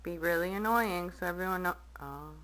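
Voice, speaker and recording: A woman filming her cats at home, teasing them and scolding them loudly. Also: fairly low pitch, brisk, low-quality recording. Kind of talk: casual home video chat. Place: home, indoors.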